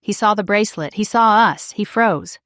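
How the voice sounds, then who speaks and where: A woman's voice: mid-range voice, moderate pace, a bit bright, dry recording, studio quality. A woman reading a first-person story in short, simple, carefully spoken sentences for English learners.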